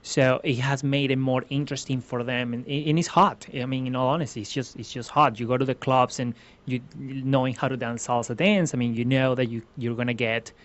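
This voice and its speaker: A medium-pitched male voice with fairly even intonation moves along fairly quickly. The speaker, a Venezuelan ballroom dance instructor, answers an interview earnestly, going step by step with many restarts. The recording sounds lo-fi and a little muffled.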